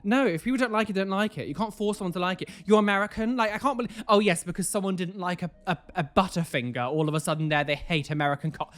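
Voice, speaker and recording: A man's voice: sits high, quick pace, few pauses, a bit bright. Sarcastic man venting. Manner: exasperated, sarcastic, swears freely. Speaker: reaction video host. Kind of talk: casual reaction commentary.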